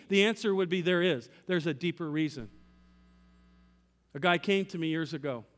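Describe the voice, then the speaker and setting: A man's voice: sits high, normal speed, a bit bright, in a large hall. A man preaching a sermon as pastor, telling a personal story, acting out dialogue with God and asking the congregation questions. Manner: asks the congregation direct questions.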